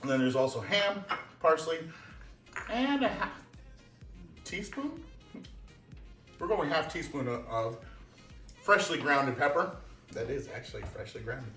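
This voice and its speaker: A man's voice: fairly high pitch, animated, a little slow, pauses often, pushed and bright, soft background music. A man hosting a casual cooking show at home, cracking jokes and laughing often as he works. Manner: jokey, laughs often, self-mocking asides. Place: home kitchen. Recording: roomy kitchen echo, mic far off.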